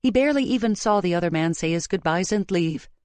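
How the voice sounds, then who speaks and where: A woman reading a romance audiobook in a measured, emotive way, close to the microphone. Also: fairly low pitch, lively intonation, a little mellow, no echo. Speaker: audiobook narrator. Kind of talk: scripted romance narration. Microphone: close studio mic.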